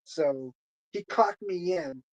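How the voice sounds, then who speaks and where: A man's voice: high voice, takes it slowly, a little mellow, rough recording. Rambling man telling a long story. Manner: rambling, repeats phrases, many "you know"s. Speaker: streamer. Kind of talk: casual storytelling.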